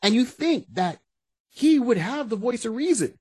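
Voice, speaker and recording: A man co-hosting a casual podcast, animated and breaking into quoted voices as he talks. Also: very high-pitched, moderate pace, slightly rough, dry recording. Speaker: podcast co-host. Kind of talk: casual chat.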